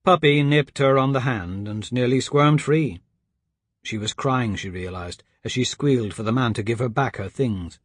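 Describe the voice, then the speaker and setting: A man reading a children's adventure story aloud in an even, steady storytelling manner. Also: medium pitch, moderate pace, slightly rough, dry recording, clean studio sound. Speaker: narrator. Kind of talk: audiobook narration.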